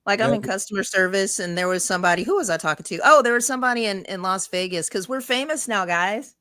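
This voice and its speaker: A woman co-hosting a podcast, chatting quickly and casually and laughing easily. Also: mid-range voice, pushed and bright, no room sound, clean studio sound. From Kansas, USA. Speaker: podcast co-host. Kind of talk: casual chat.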